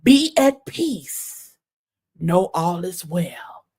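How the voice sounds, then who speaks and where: A woman mocking a smooth-talking man, reading his seductive texts aloud in a slow, drawn-out, mock-sultry voice. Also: on the low side, very animated, a little mellow, full character voice.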